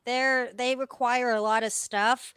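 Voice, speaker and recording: A woman co-hosting a casual podcast. She is bubbly and excitable, quick to react and laugh. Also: fairly high pitch, smooth, dry recording, studio quality. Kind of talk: casual chat.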